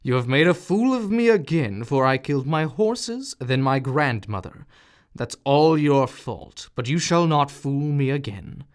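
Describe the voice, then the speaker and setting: A man voicing a mean, greedy peasant who talks in a gruff, threatening way, in a storybook reading. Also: mid-range voice, expressive, moderate pace, close to an everyday voice.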